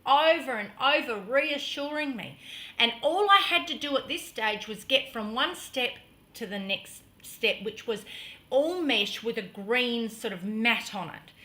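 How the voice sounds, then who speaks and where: Middle-aged woman vlogging her own story, slow and earnest, bright high voice, gets dramatic and hushed. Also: expressive. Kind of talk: personal storytelling vlog.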